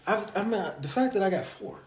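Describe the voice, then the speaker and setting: A man in his thirties, a podcast guest, telling stories and joking deadpan with his sister and her partner. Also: high-pitched, fairly quick, echoey room, slight background noise. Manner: deadpan joking storyteller, laughs through his own stories. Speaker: guest, the co-host's brother. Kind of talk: casual podcast chat.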